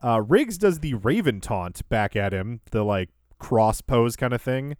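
A man's voice: mid-range voice, expressive, a little slow, a little mellow, no echo, clean studio sound. A man hosting a podcast, casually recapping events in order and laughing easily. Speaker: podcast host.

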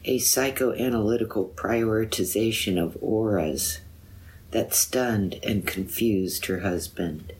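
Slow, measured woman reading her poem. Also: extremely low pitch, darkish tone, breathy edge. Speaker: poet. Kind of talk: poetry reading.

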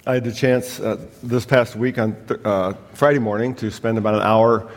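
A man's voice: on the low side, fairly even intonation, normal speed, faint music behind. A man preaching a sermon as a pastor, telling a family story with humor and a slight cough. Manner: storytelling with humor, acting out voices in a family anecdote. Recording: long hall reverb.

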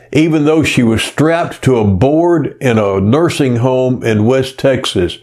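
Slow, earnest male preacher. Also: mid-range voice, darkish tone. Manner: earnest storytelling, frequent "uh" pauses. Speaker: pastor. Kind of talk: sermon.

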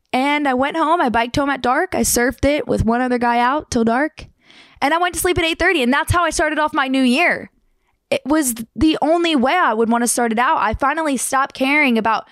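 A young woman from New Jersey telling her own surfing story in a fast, chatty, animated way with casual slang. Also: high-pitched, no room sound, clean studio sound. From New Jersey, United States. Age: young adult.

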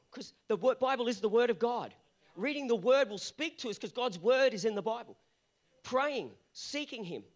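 A male pastor delivers a fired-up sermon, his voice pitched high. He sounds hoarse, and he drives his points home by repeating short refrains.

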